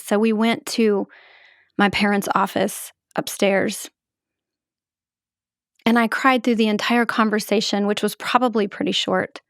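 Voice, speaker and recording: A middle-aged woman telling her own story as a podcast host, in a measured, halting, emotional way. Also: mid-range voice, dry recording, studio quality. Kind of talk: reflective personal storytelling.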